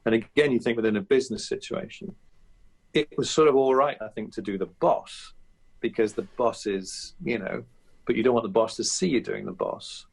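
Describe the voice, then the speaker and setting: Speaking with a gravelly, mid-range voice at normal speed, this impressionist is a guest in a casual podcast interview. He talks reflectively, with lots of fillers and frequent restarts.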